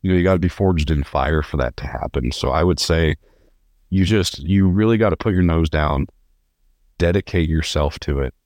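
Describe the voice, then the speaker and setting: A man's voice: very deep voice, moderate pace, darkish tone, no room sound, clean studio sound. A young man from California, a podcast guest telling stories in an earnest, rambling way with many restarts. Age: young adult. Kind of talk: casual interview.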